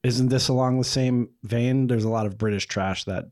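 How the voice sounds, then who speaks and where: A man sitting in on a comedy podcast who chimes in with questions in a hesitant way. His voice is mid-pitched. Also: steady tone, moderate pace, darkish tone. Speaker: podcast participant. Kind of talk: casual chat.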